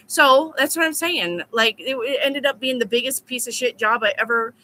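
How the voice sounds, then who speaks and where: A woman's voice: a little high, pushed and bright, a little hiss or hum, rough recording. A woman reading tarot in a casual live stream, telling stories bluntly with plenty of swearing. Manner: blunt, profane storytelling. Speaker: tarot reader.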